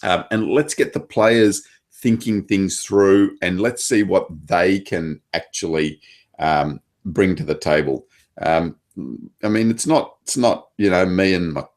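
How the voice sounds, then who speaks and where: Australian male coach, very low voice, hesitant casual talk full of restarts. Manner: hesitant, many fillers and restarts. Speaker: table tennis coach. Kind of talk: casual chat.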